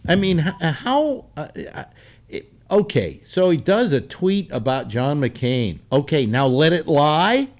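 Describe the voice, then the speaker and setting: A man hosting a casual political talk show, rambling with many halting restarts. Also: a little high, big pitch swings.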